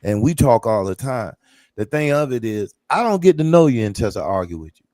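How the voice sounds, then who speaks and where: A man's voice: medium pitch, very animated, fairly quick, darkish tone, no room sound. A man in casual banter, animatedly telling a story with laughter and acted-out quotes.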